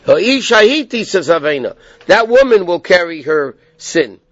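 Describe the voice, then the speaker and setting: A man's voice: sits high, very animated, measured pace, a bit bright, no echo. A man teaching a Torah class, explaining a text step by step and checking in with his students. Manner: explanatory, repeats points and checks in with "okay?". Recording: dull, lo-fi and dry.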